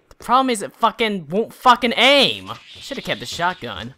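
A let's play gamer swearing and shouting at enemies while commenting on the game to the viewer. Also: medium pitch, normal speed, a little hiss or hum. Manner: profane, excitable, yells at enemies on screen; talks to the viewer while playing. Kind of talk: casual gameplay commentary.

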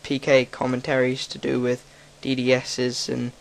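A young Englishman provides casual gaming commentary in a medium-pitched, monotone voice with vocal fry. He speaks at a moderate pace, rambling and talking frankly.

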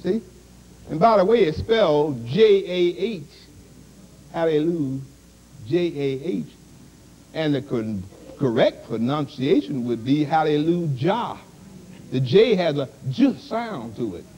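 Lively high-voiced male preacher. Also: a little slow, low-quality recording. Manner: repeats "see?" and "you understand?" constantly. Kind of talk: sermon.

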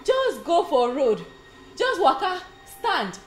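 A woman's voice: very high-pitched, very animated, slow pace, roomy sound, soft background music, exaggerated voice. An actress playing a woman who speaks Nigerian Pidgin and scolds, mocks and orders people out. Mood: scolding. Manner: scolding, mocking. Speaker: angry woman throwing out a rival. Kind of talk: Nollywood film acting.

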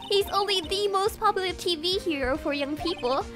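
A woman voicing an excitable teenage girl who bursts out loudly and eagerly. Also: very high voice, normal speed, music in the background, pitched above the performer's own voice. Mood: chirpy. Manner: bubbly, eager, loud outbursts. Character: excitable teenage girl, spirit medium assistant.

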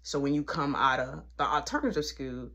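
A man voicing his strict, no-nonsense mother as she lays down rules in firm, rapid-fire orders. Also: mid-range voice, fairly even intonation, bright, forceful tone, voice pushed down. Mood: calm advice.

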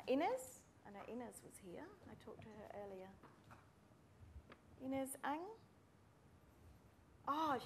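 A woman, a speech pathology lecturer giving a friendly, brisk welcome talk to students and calling out names. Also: a little high, background noise. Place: university room with students.

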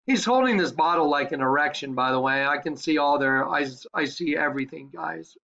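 A man's voice: a little high, brisk, vocal fry, bright, forceful tone, highs cut off. A man teaching the Bible in a fervent, conversational way, often asking his listeners if they are ready. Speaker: preacher. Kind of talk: screen-share Bible teaching.

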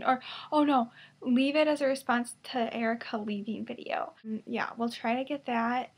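Casual bedroom vlogger, woman, high voice, rambly, drifts into whispers. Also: slightly rough. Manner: rambling, filler-heavy, sometimes drops to a whisper. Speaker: vlogger in a collab channel. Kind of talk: casual webcam vlog.

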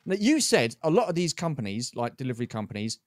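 A man's voice: mid-range voice, very animated, quick pace, dry recording, clean studio sound. An older man co-hosting a podcast, blunt and emphatic, swearing as he rants. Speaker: podcast co-host. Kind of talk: casual ranting chat.

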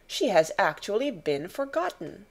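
A large, weary army officer read by a woman narrator exclaims in an audiobook. He sounds shocked and troubled and speaks in quick outbursts. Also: medium pitch, very animated, gravelly. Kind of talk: audiobook character reading.

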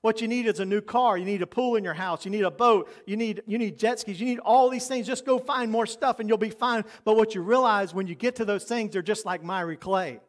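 Мужчина средних лет, пастор, читает проповедь искренне, временами переходит на тихий, доверительный тон. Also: male voice, high voice, a little fast, hardly any pauses. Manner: earnest, preacherly, drops to soft intimate tones for emphasis. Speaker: pastor. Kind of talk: sermon.

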